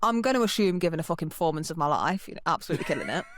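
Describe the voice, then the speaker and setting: A woman's voice: sits low, very fast, a little hiss or hum. A woman, a podcast co-host telling a childhood story in casual chat, swearing freely and acting out the voices of the people in her story. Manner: animated, swears freely, acts out quoted voices.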